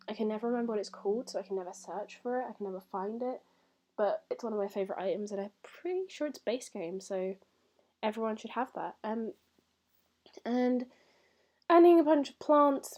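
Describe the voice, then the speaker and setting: A woman's voice: a little high, warm tone. A young woman rambling through a casual voice-over, a little out of breath, with many fillers. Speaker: gaming YouTuber.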